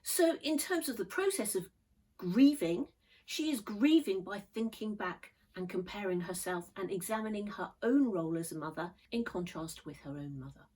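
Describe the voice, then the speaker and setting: Woman teaching poetry, lots of rise and fall in her voice, calm careful explaining. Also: mid-range voice, breathy edge, poor audio. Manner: measured, thoughtful explaining. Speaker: English literature teacher.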